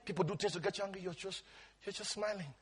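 A male pastor preaching a sermon with animated delivery, drawing words out slowly for emphasis and breaking into laughter. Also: sits high.

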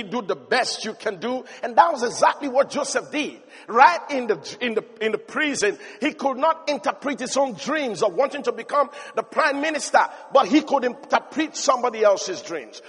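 High-voiced pastor preaching in a hall. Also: male voice, slightly rough. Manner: passionate, swinging between loud exhortation and low storytelling. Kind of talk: sermon. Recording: long reverb of a large hall.

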